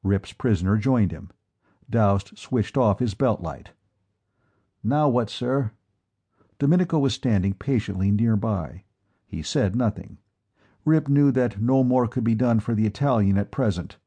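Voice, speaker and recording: A male narrator reads an adventure story in a steady, measured way. His voice is dark and mellow, with a husky grain. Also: fairly low pitch. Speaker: audiobook narrator. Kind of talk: scripted narration.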